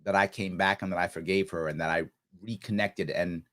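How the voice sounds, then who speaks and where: A man in his forties with a somewhat low voice talks straight to his listeners in a heartfelt personal monologue. He speaks earnestly, repeats his points for emphasis, and lets real emotion come through as he hosts his show. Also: steady tone, brisk, a bit bright. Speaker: show host.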